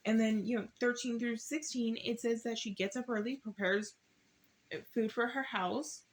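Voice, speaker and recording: A young woman talks through her Bible study at home in a loose, chatty way, reading passages aloud and then wandering off into her own thoughts. Her voice sounds a little hoarse, as if it is wearing thin. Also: a little high, fairly even intonation, moderate pace. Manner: chatty, rambling, reads verses aloud. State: slightly hoarse. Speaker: YouTuber doing Bible study. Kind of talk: casual Bible study vlog.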